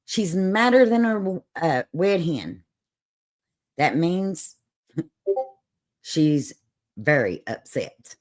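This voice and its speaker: Slow, low Appalachian Southern woman. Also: animated, a little mellow. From Southern United States, Appalachian holler. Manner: folksy and sassy, laughs often. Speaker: livestream host. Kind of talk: casual chat on a livestream.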